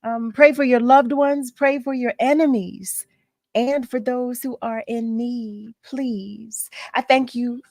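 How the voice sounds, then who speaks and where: A woman's voice: fairly high pitch, fairly even intonation, slow pace, a little mellow, dry recording, studio quality. A woman hosting a radio talk show, effusive and emotional, often laughing and repeating her thanks.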